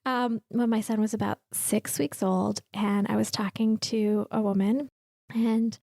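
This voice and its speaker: A woman's voice: medium pitch, fairly even intonation, a little slow, gravelly, warm tone, no room sound. A woman in her thirties hosting a podcast, sharing a personal reflection in a candid, heartfelt way. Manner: emotional, tearful at times, candid. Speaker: podcast host.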